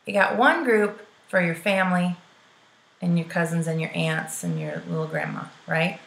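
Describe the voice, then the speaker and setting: A woman's voice: on the low side, lively intonation, normal speed, fairly bright tone. A woman giving sales coaching to the camera, chatty and peppy, often checking in with "right?" and calling her listeners "girl". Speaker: direct sales trainer. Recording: roomy echo.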